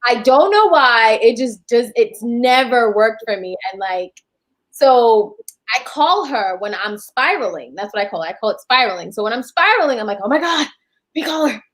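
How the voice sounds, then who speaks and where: A woman guest talking casually and openly about coping, lively and acting out little quoted lines. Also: on the high side, moderate pace, rough recording. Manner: chatty, animated, acts out quotes. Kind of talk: casual livestream chat.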